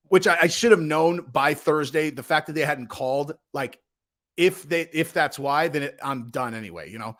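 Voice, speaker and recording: On his own channel, a young male vlogger rants through a long, meandering story, swearing and heated, with plenty of fillers. His voice sits at a medium pitch and has a slightly bright quality.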